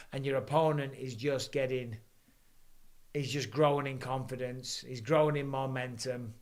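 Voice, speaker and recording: A man, hosting a live fight watch-along and calling the action with rising excitement. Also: mid-range voice. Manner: excitable, rising for big moments. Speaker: host. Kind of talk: live fight commentary and chat.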